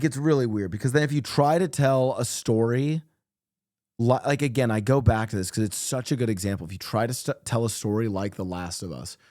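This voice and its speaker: A man's voice: mid-range voice, darkish tone, no room sound, clean studio sound. A man chatting casually on a stream as co-streamer, emphatic and swearing a lot.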